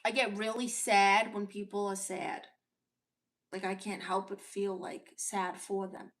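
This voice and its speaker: A Brooklyn woman with a Brooklyn accent hosts a casual livestream, responding to viewer comments bluntly, sassily and without apology. Her mid-range voice has a flat delivery and a measured pace.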